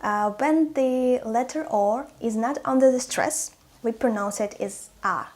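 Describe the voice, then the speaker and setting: A woman teacher speaks with a Russian accent and a slightly high voice. She talks unhurriedly, sounding out each word carefully as she leads pronunciation drills. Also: a little slow, a little mellow. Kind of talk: language lesson.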